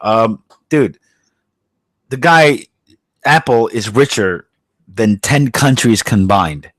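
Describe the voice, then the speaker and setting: A man hosts a podcast, ranting bluntly and swearing freely. His voice sits at an ordinary pitch and is recorded dry, with no room sound. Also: animated, slow, fairly bright tone, no echo. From New York. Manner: profane, blunt, heated ranting. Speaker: podcast host. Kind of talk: casual podcast rant.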